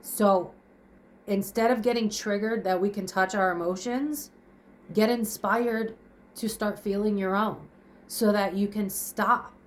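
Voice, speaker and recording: A woman's voice: medium pitch, a little mellow, slight background noise. Tearful, breathless young woman venting. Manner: raw, blunt, swearing, rhetorical questions. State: crying, out of breath. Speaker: vlogger. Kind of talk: emotional confessional monologue. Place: home kitchen, indoors.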